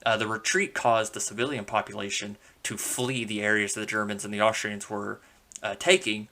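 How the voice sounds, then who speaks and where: Male podcast host, low-pitched and bright, casual storyteller who leans on fillers and jokes. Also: normal speed. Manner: relaxed and conversational, with frequent fillers and playful asides.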